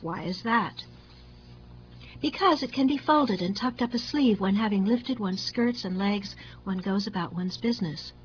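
A woman narrating a literary story in a measured, wry and deliberate way. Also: mid-range voice, dull audio, slight background noise.

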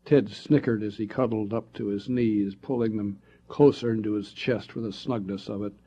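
A man narrating a spooky storybook tale in a slow, deliberate reading style. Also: lowish voice, steady tone, warm tone, slightly rough.

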